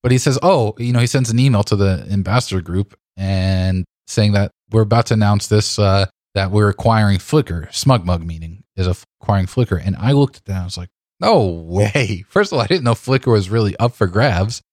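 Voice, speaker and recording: Low-voiced man co-hosting a podcast. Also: fairly quick, few pauses, no echo, studio quality. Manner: animated, indignant, stumbles over restarts. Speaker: podcast co-host. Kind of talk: casual podcast chat.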